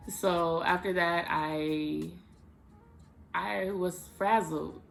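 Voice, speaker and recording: A woman vlogger telling a personal story to the camera in a casual, animated way, with emphatic bursts. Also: lowish voice, drawn-out words, gravelly, faint music behind.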